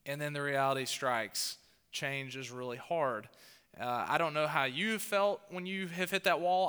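A man's voice: fairly high pitch, smooth, long reverb tail. A man with a Southern US accent, preaching a sermon in a church and telling stories with rising emphasis. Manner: animated storytelling with rising emphasis. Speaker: pastor. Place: church hall.

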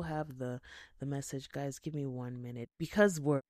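A woman podcast host telling a story in a chatty, animated way, sometimes dropping into hushed asides. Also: extremely low pitch, moderate pace, no room sound, clean studio sound. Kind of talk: casual storytelling monologue.

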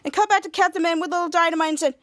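A woman hosting a podcast, retelling a TV episode in a rambling way with many halting restarts, and acting out the characters' lines in animated voices. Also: very high-pitched. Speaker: podcast host. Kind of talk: casual episode recap.

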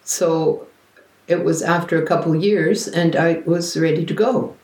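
A woman's voice: low voice, a little slow, echoey room. A woman guest telling personal stories in conversation, acting out the voices of people she quotes. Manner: animated, acts out quoted voices. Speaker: interview guest.

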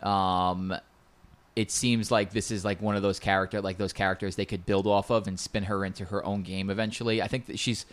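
A man's voice: lowish voice, level tone, fairly quick. A man in casual chat about video games, rambling and repeating words as he explains.

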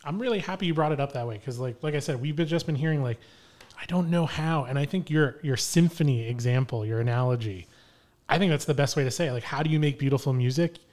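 A fast-talking male podcast co-host who reacts to his guest in a loose, casual way. His talk is full of filler words as he builds on his point. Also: fairly high pitch, a little mellow. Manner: reflective, uses lots of "like" and "right". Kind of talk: casual chat.

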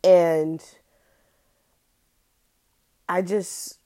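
Young adult woman, deep-set voice, unhurried and halting, recounting something personal in a casual tone. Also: flat delivery, dark tone. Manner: halting, hesitant, many fillers and restarts.

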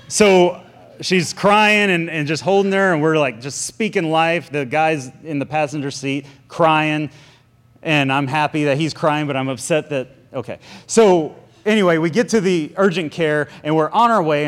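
A man's voice: on the high side, normal speed. A man in his thirties preaching a casual sermon, telling stories and acting out quotes with a shifting voice. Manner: storytelling, animated, acts out quotes with shifting voice.

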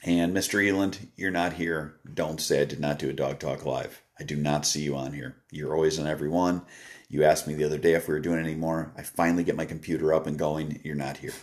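Tired man, very low voice, relaxed rambling host chatting on a live stream. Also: a little fast. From Wisconsin. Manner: relaxed and rambling, frequent "uh" fillers. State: tired, yawning. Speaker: dog trainer hosting a live stream. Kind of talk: casual live-stream chat answering comments.

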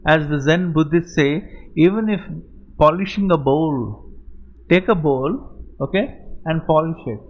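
Man, lecturing students, animated storytelling, fairly high voice, muffled lo-fi sound. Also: a little slow, long pauses. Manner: animated storytelling, many fillers, rhetorical questions. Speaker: guest speaker.

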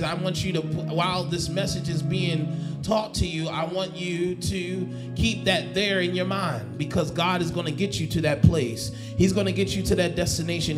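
A male pastor preaching a sermon. He repeats and restarts phrases and calls on the congregation to answer back. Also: a little high. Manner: swings from soft to loud exhortation.

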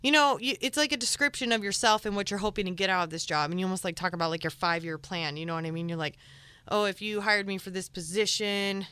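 A woman's voice: fairly low pitch, rapid-fire, few pauses, clear, resonant tone, no room sound. A woman in her twenties co-hosting a casual podcast chat, joking and repeating herself, hungover. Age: 20s. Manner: animated, repetitive, jokey. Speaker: podcast co-host.

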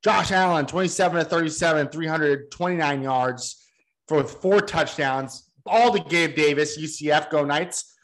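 A man's voice: on the high side, moderate pace. A man co-hosting a casual sports podcast, building his case by reading off game statistics. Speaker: podcast co-host.

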